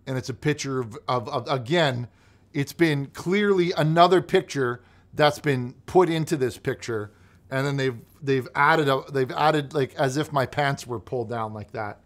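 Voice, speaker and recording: A man hosts a comedic call-in show and reads faxes aloud. His voice sits at a middle pitch. He stumbles and restarts his sentences often, as if caught off guard. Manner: halting, flustered, many restarts. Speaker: host.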